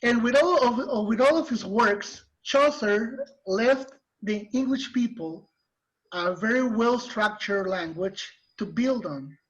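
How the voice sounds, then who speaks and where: A male literature teacher, lecturing patiently in an online class and explaining slowly with restarts. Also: high voice, a bit bright. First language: Spanish. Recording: muffled lo-fi recording.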